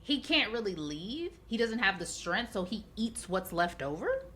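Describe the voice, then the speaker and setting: A woman's voice: mid-range voice, sing-song, normal speed, a bit bright, a little hiss or hum. A woman co-hosting a podcast, recapping a TV episode in casual chat with playful jokes and mock outrage. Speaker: podcast co-host.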